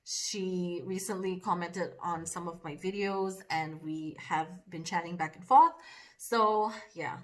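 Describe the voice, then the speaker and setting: A woman's voice: lowish voice, fairly even intonation, unhurried, fairly bright tone. A woman makeup vlogger chatting casually to camera in a chatty, self-deprecating way. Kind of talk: casual vlog chat.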